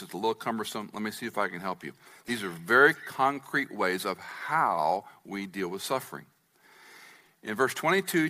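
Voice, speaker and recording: A man's voice: fairly low pitch, pushed and bright. A man preaching an expository sermon as pastor, walking the congregation through a scripture passage and checking that they follow. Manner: teaching, asks the congregation to follow along.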